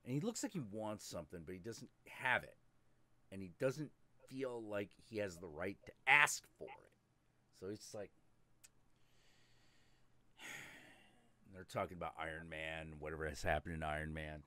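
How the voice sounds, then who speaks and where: Give me a male host telling a profane story, low voice, very dry. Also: normal speed, pauses often, bright, forceful tone, no echo. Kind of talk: casual storytelling on a live stream.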